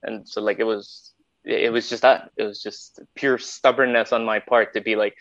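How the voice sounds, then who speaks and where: Male teacher from Honduras, podcast co-host, animated chatter; dry, lo-fi audio. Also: lowish voice, normal speed, no echo. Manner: chatty, animated storyteller, says "like" a lot. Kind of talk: casual podcast chat.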